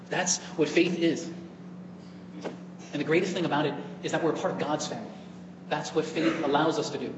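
A man preaching a homily in a storytelling way, with a voice that sits a little high. His words ring out through a large, echoey church with a long reverb tail. Faint room ambience sits underneath. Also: background noise. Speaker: priest. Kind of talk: sermon.

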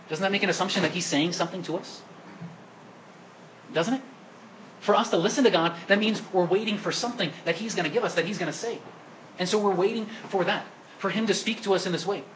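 A man's voice: sits high, fairly bright tone, slight background noise, poor audio. Priest asking his congregation questions. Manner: asks the congregation questions and coaxes answers. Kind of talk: sermon at Mass. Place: church during Mass.

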